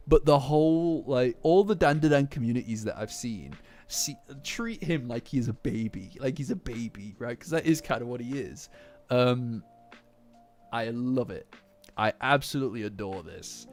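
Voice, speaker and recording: A man hosting a casual chapter reaction, breaking into heated, cursing outbursts between calmer reflective stretches. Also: mid-range voice, normal speed. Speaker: manga reaction host. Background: faint lofi background music.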